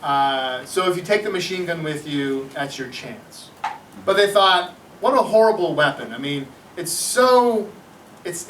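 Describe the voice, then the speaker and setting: A middle-aged male teacher lectures with animated energy and keeps quizzing his students. His voice sits high and sounds bright. He is caught from a distance in a room with a lot of echo. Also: slight background noise. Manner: animated, asks the class questions. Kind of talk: classroom history lecture. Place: classroom. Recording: echoey classroom from far off.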